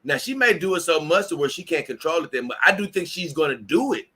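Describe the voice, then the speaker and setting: A man's voice: a little high, very animated, fast talker, bright, forceful tone, husky. A tired man hosting a casual livestream, reading viewer comments aloud and rambling with many restarts. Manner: rambling, repeats himself and restarts often. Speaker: livestream host.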